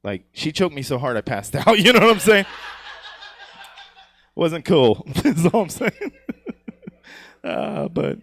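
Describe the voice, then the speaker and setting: Man, stand-up comic, crude jokes, chuckles at himself, very lively pitch, slightly high voice. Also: slow pace, gravelly, pauses often, a little hiss or hum. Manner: crude, rambling, laughs at his own jokes; keeps asking "you know what I'm saying". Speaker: stand-up comedian. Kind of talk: live stand-up set. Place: comedy theater stage.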